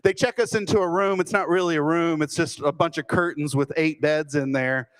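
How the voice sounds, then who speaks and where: A man from Texas, telling a humorous personal story with self-deprecating, deadpan timing. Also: on the high side, brisk. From Fort Worth, Texas.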